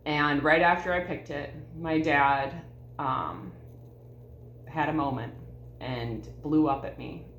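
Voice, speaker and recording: A woman's voice: sits low, slight background noise. A woman in her thirties telling a personal story to her viewers in an earnest, heartfelt way, calling them y'all. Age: 30s. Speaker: vlogger. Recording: echoey room.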